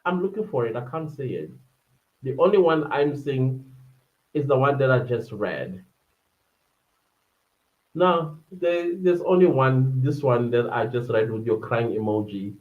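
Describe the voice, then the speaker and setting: A man hosting a casual livestream, reading out viewer comments and often breaking into laughter. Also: animated. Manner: chatty and warm-hearted, often laughing, quick shifts up in pitch. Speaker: livestream host. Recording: muffled lo-fi livestream audio.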